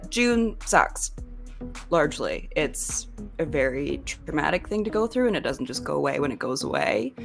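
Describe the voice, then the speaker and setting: Woman, podcast co-host, lowish pitch, earnest, casual chat. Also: gravelly. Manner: earnest, laughs easily.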